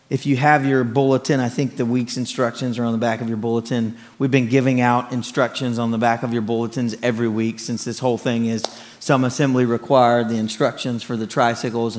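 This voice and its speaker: A man pastor preaching a storytelling sermon from a church stage, animated and exclaiming as he talks. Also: mid-range voice. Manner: animated, exclaiming, laughing through stories.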